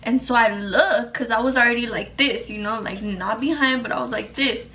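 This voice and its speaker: Young female vlogger with a slightly high voice, telling a story in a loose, profane, filler-heavy way. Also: normal speed, sharp tone. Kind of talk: casual storytelling to camera.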